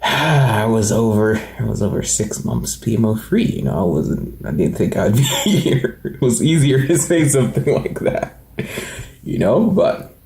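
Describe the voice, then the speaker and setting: A man's voice: on the low side, creaky, darkish tone. Earnest young man, echoey room. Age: 20s. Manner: earnest, rambling, many fillers and restarts. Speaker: motivational channel host. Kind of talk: personal vlog monologue.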